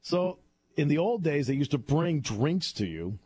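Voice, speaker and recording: A man hosting a radio talk show from a studio, telling a story in a casual, animated way and laughing along. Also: a little high, unhurried, slight background noise. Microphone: studio microphone.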